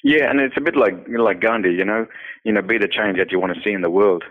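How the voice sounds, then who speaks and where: A man's voice: on the low side, fast. A man, founder of a nonprofit, earnestly telling a personal story in an interview, often repeating himself and saying "you know". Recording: tinny phone-line audio.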